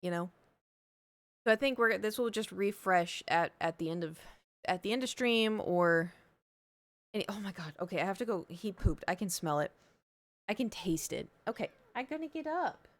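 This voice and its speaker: A woman's voice: on the low side, moderate pace, pauses often, no room sound. Woman streamer rambling thru a story to chat, lots of likes and ums, dry sound. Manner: chatty storytelling, lots of fillers. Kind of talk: casual chat.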